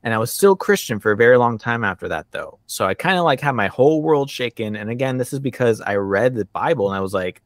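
A man telling his story as a guest in a casual podcast conversation, lively and acting out what people said. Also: medium pitch, a little fast, no room sound.

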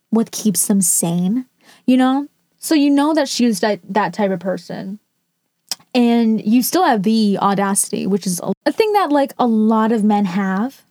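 A woman's voice: medium pitch, mellow, no echo. A woman rating and reacting to stories in casual commentary, blunt and sarcastic with frequent swearing. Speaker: storytime reactor.

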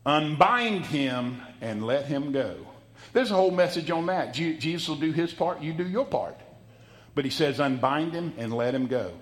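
Folksy preacher, fairly high voice. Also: male voice, brisk. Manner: folksy, storytelling, acts out voices, swings loud and soft. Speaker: pastor. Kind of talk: sermon. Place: church sanctuary.

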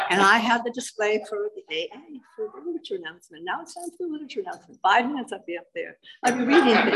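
A woman's voice: medium pitch, fairly bright tone, a little hiss or hum, rough recording. A woman from Massachusetts giving a personal testimony to a live audience, wry and self-mocking as she tells her story. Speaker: speaker sharing her recovery story.

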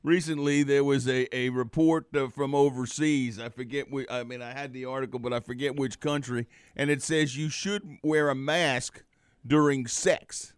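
A man's voice: medium pitch, fairly even intonation, moderate pace, smooth, no room sound, studio quality. A man co-hosting a talk radio show, emphatic, repeating phrases and calling people my friend. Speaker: co-host.

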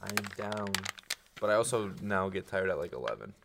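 Laid-back young man, deep voice. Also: expressive, a little fast, creaky, heavy background noise. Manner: joking, swears often. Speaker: podcast co-host. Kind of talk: casual chat.

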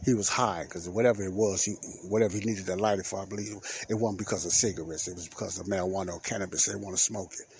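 A man's voice: low voice, steady tone, fast, creaky, hardly any pauses, a little hiss or hum. A man hosting a podcast, telling a casual story in a rambling way that keeps circling back with "well, anyway.". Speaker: podcast host.

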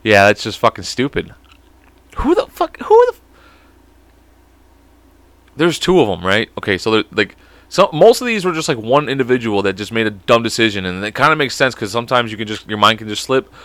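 Quick and animated, this American podcast host has a lowish, sharp-toned voice captured in a dry recording. His comedic monologue rambles, as he reads aloud with stumbles, curses freely, goofs around with silly voices, and keeps wandering off topic.

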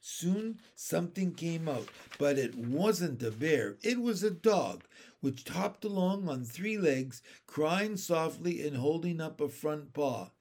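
Man, storybook read-aloud, very slow, lively melodic voice, gravelly. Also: a little high. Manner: unhurried, expressive storytelling. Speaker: narrator. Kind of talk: reading a children's book aloud.

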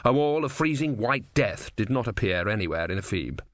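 Man reading an audiobook, wry and expressive, dry close recording. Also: on the low side, normal speed, no room sound. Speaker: audiobook narrator. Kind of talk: scripted audiobook narration.

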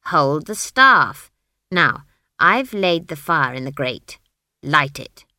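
A woman's voice: sits low, expressive, slow, pushed and bright, no room sound, studio quality, full character voice. A woman voicing a stern old village witch who talks bluntly and scornfully, as a reader of a storybook. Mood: commanding.

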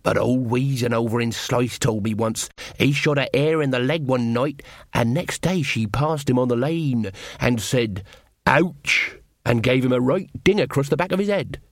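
A man's voice: mid-range voice, normal speed, dry recording, clean studio sound, lightly acted. A man voicing Thatcher, a nervous, superstitious villager who passes on rumours in a conspiratorial way. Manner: conspiratorial, dropping voice.

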